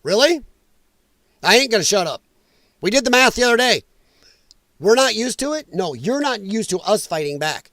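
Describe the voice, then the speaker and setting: A man's voice: high voice, sing-song, moderate pace, pauses often, bright, forceful tone, dry recording, clean studio sound. A man hosting a commentary show, reacting to clips in an emphatic, repetitive, angry rant.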